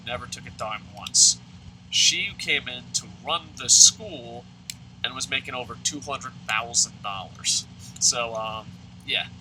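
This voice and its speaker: A man hosting a let's play, telling a story as he plays. He rambles, swears often and slips into sarcasm, pausing on frequent fillers. A clear background noise runs under the recording. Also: mid-range voice. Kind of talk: casual storytelling over gameplay.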